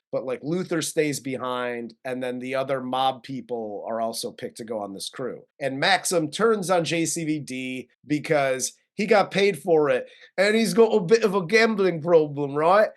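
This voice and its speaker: A man co-hosting a casual movie review chat, retelling the plot loosely and laughing often. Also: mid-range voice. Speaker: co-host film reviewer.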